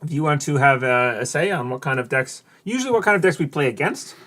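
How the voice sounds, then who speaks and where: A man's voice: on the high side, animated, fast, fairly bright tone. A man in his thirties hosting a live card game stream, chatting casually with many fillers and self-deprecating remarks. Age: 30s. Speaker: stream host.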